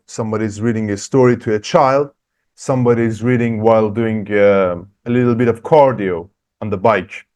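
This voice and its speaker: A man teaching an online English lesson, reading example sentences slowly and clearly and talking directly to his viewers in an encouraging way. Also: mid-range voice, darkish tone.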